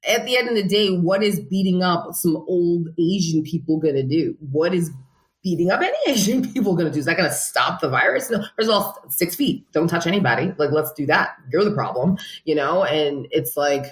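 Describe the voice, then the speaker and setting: A woman co-hosting a podcast in casual news chat, animated and asking exasperated rhetorical questions. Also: fairly low pitch, a little fast. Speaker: podcast co-host.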